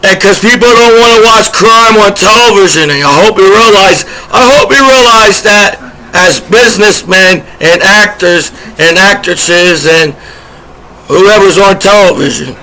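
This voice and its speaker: A man's voice: high voice, a little slow, bright, forceful tone, slight background noise, rough recording. A man vlogging to camera in a rambling, aggrieved, repetitive rant. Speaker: vlogger, disabled combat veteran. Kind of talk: rambling direct-to-camera monologue.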